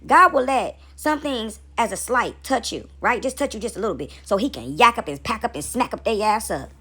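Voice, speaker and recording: A woman delivers a casual spiritual monologue in a rapid flow. Her voice sits a little high and has a husky grain. She keeps checking in with "right?" and repeats herself for emphasis. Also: expressive, fairly bright tone. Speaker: spiritual video host.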